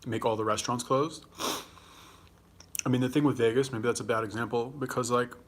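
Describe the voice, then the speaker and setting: A young man with an easygoing Los Angeles accent talks in a loose, meandering way to his livestream audience. His voice sits at an ordinary middle pitch. He swears casually, fields viewer questions, and keeps talking while he eats. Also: fairly even intonation, fairly quick. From California. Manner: rambling, profane, chatty, answers viewer comments. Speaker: livestream host.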